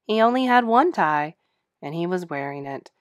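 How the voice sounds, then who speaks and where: A woman teacher reading a children's picture book aloud in an expressive, sing-song storytelling voice, close to the mic. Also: on the low side, moderate pace, no echo.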